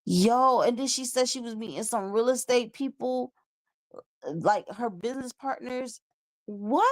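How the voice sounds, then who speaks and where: A woman hosting a talk show, reading an account aloud and reacting with animated, incredulous asides. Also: on the high side, normal speed, no room sound. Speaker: show host. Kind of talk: reading a story aloud and reacting, casual commentary.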